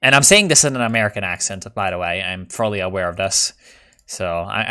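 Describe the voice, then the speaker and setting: A man's voice: lowish voice, a little fast. Joking, profane man playing a strategy game. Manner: joking, profane, excitable rambling. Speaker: video game player. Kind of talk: casual gameplay commentary.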